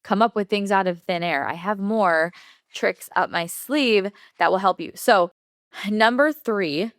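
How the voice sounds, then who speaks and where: A woman hosting a casual solo podcast, chatty and upbeat, filling her talk with "like" and quick laughs. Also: mid-range voice, no echo, clean studio sound. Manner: chatty, upbeat, heavy use of "like", laughs often. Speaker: podcast host.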